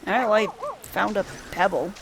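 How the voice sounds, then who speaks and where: A woman's voice: mid-range voice, brisk, gravelly, noisy background. A woman giving casual, wry commentary while playing a video game, amused by what happens. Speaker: gamer. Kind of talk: casual let's-play commentary.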